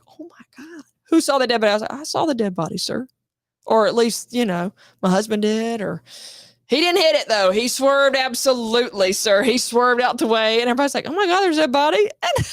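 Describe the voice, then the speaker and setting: A woman with a gravelly, fairly high voice tells a story to a host. She talks animatedly, swears freely and acts out the people she quotes. The sound is close and dry. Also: dry recording. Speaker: guest actress. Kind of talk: casual storytelling interview.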